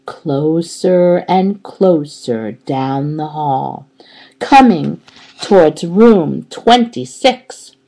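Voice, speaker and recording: Animated woman reading a children's story. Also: on the low side, slow pace, vocal fry, poor audio. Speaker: storybook reader. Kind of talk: expressive read-aloud narration.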